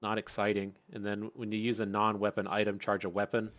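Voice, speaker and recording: A man's voice: fairly low pitch, monotone, fairly quick, a bit bright. A man hosting his gaming channel, thinking aloud in chatty, casual commentary and laughing at his own tangents.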